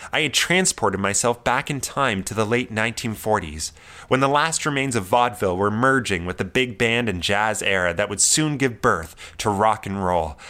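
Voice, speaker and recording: A young man narrating a personal story in a wry, measured way. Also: lowish voice, pushed and bright. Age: young adult.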